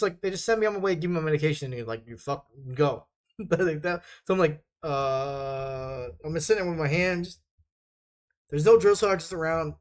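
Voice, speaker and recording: A young man casually telling stories from basic training, rambling and swearing a lot, laughing often as he goes. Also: a little high. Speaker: vlogger. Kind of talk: casual storytelling.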